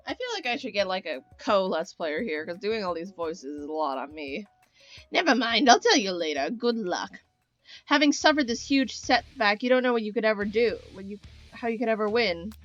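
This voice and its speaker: A woman's voice: mid-range voice, expressive, normal speed, a bit bright. A woman doing let's play commentary, reading the game text aloud dramatically with sardonic, swearing asides. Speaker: let's player. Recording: slightly dull recording, faint music.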